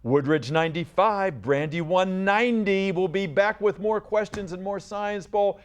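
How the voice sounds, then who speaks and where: A man with a notably high voice hosts a student science quiz in a TV studio. He reads each question with upbeat energy and coaxes the young contestants along. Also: moderate pace, clear, resonant tone. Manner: upbeat, coaxing and encouraging students. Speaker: quiz show host. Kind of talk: school quiz show hosting.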